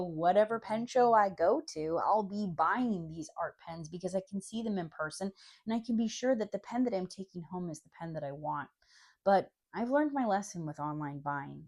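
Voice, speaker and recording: A woman's voice: on the low side, darkish tone. Woman telling a pen review story. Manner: storytelling, acts out her emails and the replies. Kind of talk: personal review vlog.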